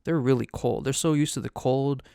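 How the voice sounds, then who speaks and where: Male game master, gravelly yet resonant, dry close sound, loose rambling recap. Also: medium pitch, a little fast, dark tone, no echo. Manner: rambling, loose and profane, heavy on "like". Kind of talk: casual recap of a tabletop game.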